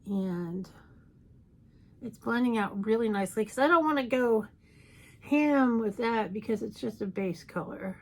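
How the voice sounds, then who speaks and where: A woman's voice: on the high side, animated, measured pace. A woman chatting casually through a makeup tutorial, playful and self-mocking. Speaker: makeup YouTuber.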